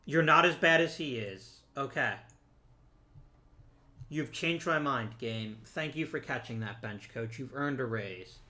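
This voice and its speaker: Male gameplay host, bright tone, chatty and jokey, talks back to the screen. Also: mid-range voice. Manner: chatty and joking, talks to the viewers and to the players on screen. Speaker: let's play host. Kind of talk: casual gameplay commentary.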